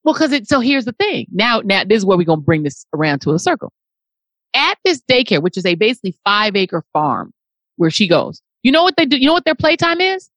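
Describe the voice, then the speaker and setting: Animated woman telling funny stories. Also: mid-range voice, fairly quick, no echo, dull audio. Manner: animated storyteller, playful. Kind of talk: casual chat.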